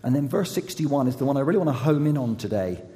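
A man with a croaky, hoarse voice, preaching a sermon as pastor. He is emphatic, then drops to soft, intimate tones. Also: mid-range voice, animated, quick pace, long reverb tail.

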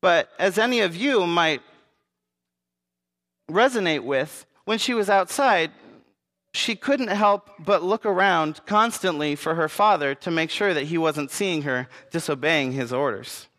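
A man reading a story aloud in an earnest, gentle way, now and then speaking to his listeners. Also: on the high side, animated, measured pace, in a large hall. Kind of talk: read-aloud story narration.

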